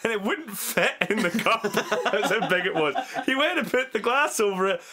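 A man's voice: sits high, moderate pace, crowd noise. A young man, co-hosting a podcast and telling funny stories with laughter and swearing. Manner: animated storytelling with laughter and swearing. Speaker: podcast co-host. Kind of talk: casual chat among friends.

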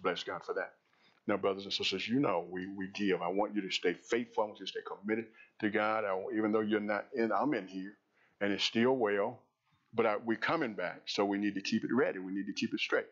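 A man preaching a sermon as pastor, repeating phrases as he swells loud and high and then drops low and quiet, recorded in a church sanctuary. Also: fairly even intonation, a little fast. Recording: dull lo-fi sound.

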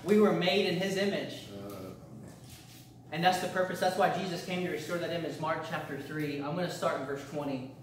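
A man leads a church discipleship class in an earnest, repetitive preaching cadence, circling back and restarting his phrases. His voice sits fairly high. The sound comes from a distant mic in a very echoey room. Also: level tone, a little fast, background noise. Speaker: pastor.

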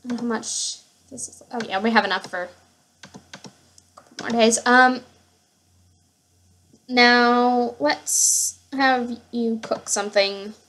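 Gushing, slow-talking woman with a high voice. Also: fairly even intonation, fairly bright tone. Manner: gushing, rambling, many fillers and self-interruptions. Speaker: gamer showing her household. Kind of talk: casual gameplay commentary.

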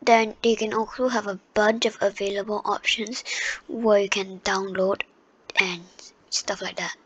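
A woman walks through a screen-recorded tutorial at an unhurried, slow pace. Her pitch sits mid-range, and her delivery is loose and chatty, full of fillers and restarts. She is recorded on her computer's microphone. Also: fairly even intonation, husky. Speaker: tutorial host.

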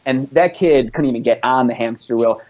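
Medium in pitch, a little mellow, and slightly fast, the voice belongs to a man who is a band's founding musician. As a guest in a casual chat, he tells wandering, foul-mouthed stories with plenty of laughter, recorded on a muffled lo-fi podcast.

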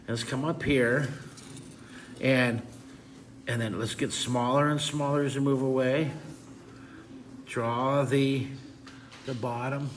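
A man's voice: medium pitch, fairly even intonation, slow, pauses often, slight background noise. A man teaching a live drawing lesson for kids, enthusiastic and playful, asking his audience to call words back.

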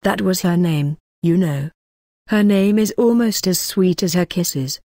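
A tipsy, mocking gentleman rambles in ornate, oily phrases, as a woman reads him. The voice sits fairly low. It is recorded close and dry. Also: a little slow, dry recording. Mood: rambling. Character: drunk rambling older gentleman, sly and mocking. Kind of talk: audiobook character reading.

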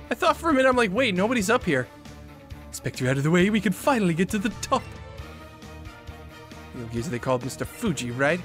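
A man casually chatting while playing a video game, moving from low mumbles to excited outbursts. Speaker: gaming video host. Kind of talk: casual let's-play commentary.

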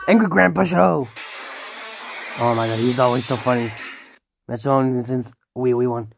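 A woman's voice: rumbling low, vocal fry, noisy background. A woman hosting a reaction video, exclaiming in surprise at each clip and often breaking into gasps and laughter. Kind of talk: casual reaction commentary. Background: meme video audio and music playing.

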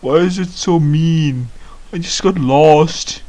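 A man's voice: fairly high pitch, takes it slowly, warm tone. A man giving comedic gameplay commentary as a clueless beginner, whiny, easily startled and rambling with lots of ums. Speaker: gamer playing a clueless beginner.

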